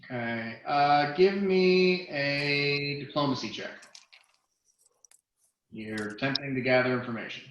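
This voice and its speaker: Running a tabletop session as game master, this man hesitates constantly, filling gaps with uh and um. He talks slowly in a slightly high voice over a noisy background, and the recording has a dull, roomy, lo-fi quality.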